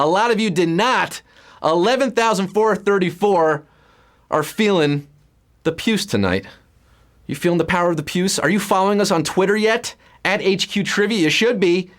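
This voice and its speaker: A man hosting a live trivia game show, reading questions and answers in a playful, punning, hyped-up way. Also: high voice. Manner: playful, punning, lively hype. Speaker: quiz show host.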